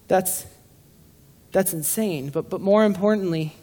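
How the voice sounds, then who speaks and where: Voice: medium pitch, normal speed, darkish tone. Casual, joking preacher with frequent restarts. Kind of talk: casual conversational sermon. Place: room with a live congregation.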